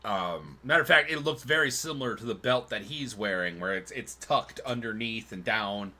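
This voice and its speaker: A man running a tabletop game as game master, narrating scenes in a loose, rambling way. His voice is bright and his pitch moves around a lot as he talks. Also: animated, moderate pace.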